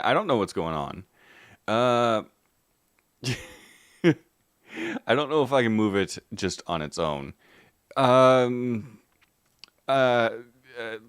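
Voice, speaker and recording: A man hosts a casual live stream and talks to his chat while troubleshooting his setup, half to himself. His pitch swings widely, even though he speaks slowly and deliberately. The sound is dry and close, with no room echo. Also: smooth. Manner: muttering to himself while fixing tech, greeting chat by name.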